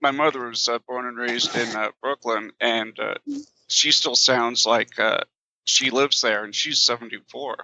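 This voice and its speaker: A man's voice: mid-range voice, steady tone, unhurried, sharp tone, no echo, low-quality recording. A man from Long Island hosting a podcast, chatting casually and joking with his guest. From Long Island, New York. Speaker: podcast host.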